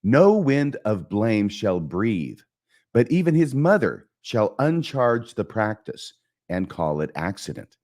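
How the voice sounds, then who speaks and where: A scheming, persuasive king, read out by a man in a low voice that rises and falls widely. The verse is read plainly and steadily, with little acting. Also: big pitch swings, takes it slowly, darkish tone. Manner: reading verse lines aloud. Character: scheming middle-aged male king, persuasive.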